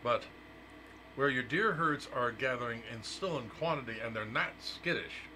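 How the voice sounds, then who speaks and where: A man's voice: medium pitch, normal speed, pushed and bright. A man hosting a talk radio show in casual chat, joking and blunt, swearing freely. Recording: noisy live radio stream.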